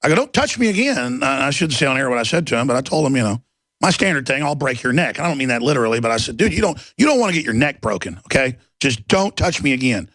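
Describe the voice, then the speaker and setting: A man's voice: mid-range voice, expressive, very fast, a bit bright, dry recording. A middle-aged man hosting a talk radio show, ranting and telling stories, acting out the voices of the people in them. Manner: ranting, storytelling, acts out quoted voices.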